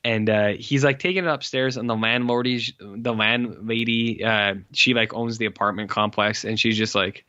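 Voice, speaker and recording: A man's voice: on the low side, fairly even intonation, normal speed, few pauses, sharp tone, smooth, dry recording. A man co-hosting a podcast, casually retelling a horror movie's plot with lots of fillers and acted-out character lines. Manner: rambling, heavy "like" fillers, acts out characters' lines. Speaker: podcast co-host. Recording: dry, dull lo-fi podcast mic.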